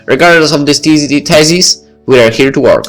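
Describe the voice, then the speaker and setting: A man's voice: on the high side, normal speed, soft background music. A man reading a visual novel aloud in first person, breaking off for casual asides. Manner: casual asides between narration. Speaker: let's play reader.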